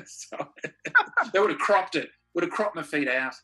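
Australian male co-host, bright and a touch husky, relaxed anecdotes on a video call. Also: high voice, unhurried, soft background music. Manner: laughing, easygoing storyteller. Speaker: comedy co-host. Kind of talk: casual chat over a video call.

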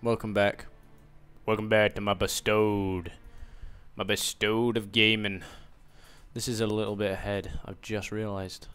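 A man's voice: lowish voice, flat delivery, measured pace, a bit bright, smooth. A young man with a put-on American accent, rambling through live game commentary with self-mocking asides. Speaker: gaming commentator.

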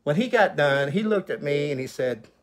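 A man's voice: a little high, expressive, normal speed. A male pastor telling his personal testimony, an emotional, vivid retelling full of quoted dialogue.

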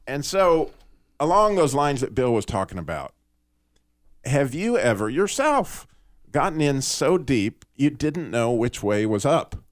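A man hosting a Christian radio talk show, telling a story in an earnest, animated way with small restarts. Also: mid-range voice, measured pace, no echo, studio quality. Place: radio studio.

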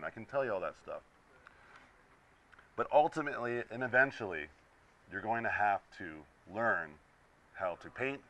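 A man's voice: lowish voice, moderate pace, pauses often, muffled recording. A young man, a visiting concept artist, casually talking to students while sketching, telling a story and acting out the people in it. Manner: storytelling, animated, acts out quoted people. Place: classroom.

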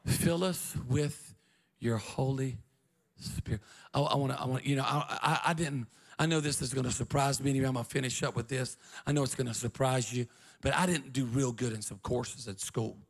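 A middle-aged male pastor, preaching a revival sermon and telling stories in an animated way, often shouting and laughing. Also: medium pitch, fast, gravelly.

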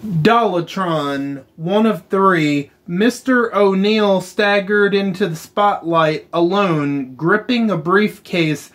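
A man hosting a gaming channel, chatting casually over gameplay and slowly reading story text aloud with muttered asides. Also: sits high, fairly bright tone.

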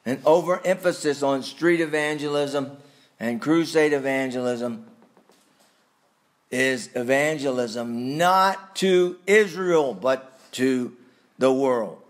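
A man preaching a sermon, slow and deliberate, with sudden emphatic rises and quiet asides. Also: mid-range voice. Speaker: pastor.

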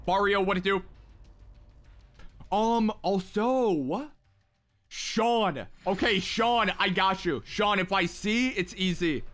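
A young man with a high voice streams a mobile shooter live, talking through his headset to his viewers. He gets excitable and says the same short phrases again and again. Faint game music plays underneath. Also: unhurried, hardly any pauses. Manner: excitable, repeats phrases over and over. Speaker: livestream gamer host. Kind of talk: casual live game commentary.

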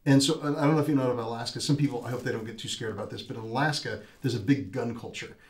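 A man in his forties, a priest, telling his story in an interview with lively, animated retellings. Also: medium pitch, very fast. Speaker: Dominican priest, guest. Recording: roomy echo.

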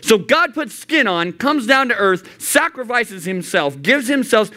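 Animated male youth pastor preaching. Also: extremely high pitch, a little slow. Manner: animated, acts out quoted voices. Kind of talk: sermon. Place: church youth service.

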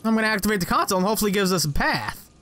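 A young man commentating his gameplay, excitable and sarcastic, swearing and talking back at the game. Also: high-pitched, very fast. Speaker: let's play gamer.

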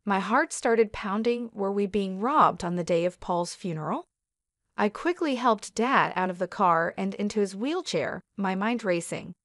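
A woman narrating a dramatic first-person story in an even, measured way. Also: medium pitch, no echo, clean studio sound.

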